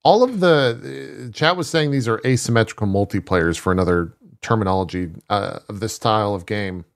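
A man's voice: fairly low pitch, fairly quick. Male co-host, conversational, curious questions, dry humor. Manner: asks short questions, wry jokes. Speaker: podcast co-host. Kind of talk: casual chat.

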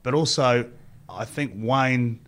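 A man's voice: medium pitch, takes it slowly, fairly bright tone. A middle-aged man with an Australian accent, a former rugby player telling long rambling stories as an interview guest and acting out what others said. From Queensland, Australia. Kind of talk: storytelling interview.

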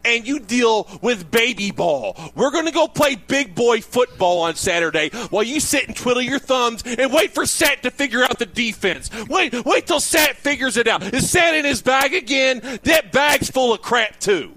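A man's voice: extremely high pitch, normal speed, few pauses, dry recording, soft background music. A man co-hosting a sports radio show, ranting and mocking callers in casual banter. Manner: animated ranting, mocking impressions.

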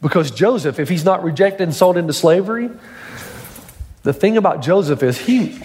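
Middle-aged male pastor, higher-pitched voice, dramatic storytelling sermon delivery. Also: lively intonation, normal speed, a little mellow, soft background music. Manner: storytelling, dramatic build-ups.

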